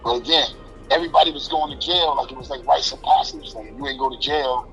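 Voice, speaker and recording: A man's voice: medium pitch, steady tone, quick pace, a bit bright, lo-fi sound, faint music behind. New York man telling street stories. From Brooklyn, New York. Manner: loose street slang, restarts, acts out quoted voices. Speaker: interview guest. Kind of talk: casual storytelling.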